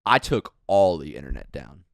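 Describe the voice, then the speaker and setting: A man doing an odd, unsettling stranger, his voice dropped well below his usual pitch. He mumbles flatly, as if half talking to himself, while the recording stays close and dry. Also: normal speed, vocal fry, no echo, heavily acted. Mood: deadpan. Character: strange muttering male stranger, eccentric and unsettling.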